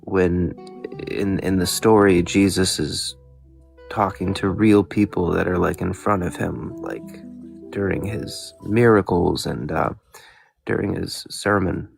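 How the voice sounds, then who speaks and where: A man with a low, gravelly voice presses questions in a relaxed live-stream debate. He talks casually and steadily, pushing his point one question at a time. Soft guitar music plays faintly behind him. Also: takes it slowly. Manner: probing, questioning.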